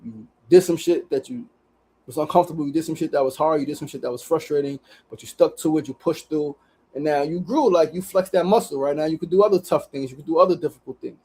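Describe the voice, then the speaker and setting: A man's voice: fairly high pitch, fast talker, darkish tone, breathy edge. A man hosting his daily show, talking casually and emphatically, repeating himself and swearing freely as he motivates listeners. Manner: profane, repetitive, emphatic. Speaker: podcast host. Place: studio.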